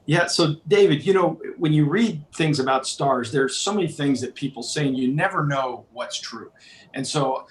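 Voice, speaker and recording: Guy co-hosting a radio show, chatty, slightly high voice, echoey room sound. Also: normal speed. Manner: chatty, leads into questions with long setups. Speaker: radio co-host. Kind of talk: casual interview chat. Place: remote from the studio.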